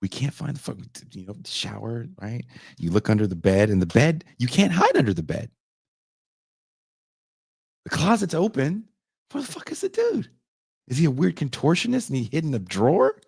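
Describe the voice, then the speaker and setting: A man on a podcast telling a story casually, animated and profane, often leaping up in pitch for emphasis. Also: moderate pace, creaky, slightly rough, no room sound, studio quality. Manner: animated, profane, jumps into high voices for emphasis.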